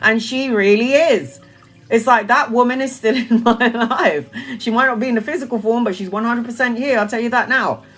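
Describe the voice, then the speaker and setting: A woman talking casually to her followers about spirituality, animated, laughing and swearing freely. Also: on the high side, normal speed, rough recording. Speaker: spiritual content creator. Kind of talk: casual monologue to camera.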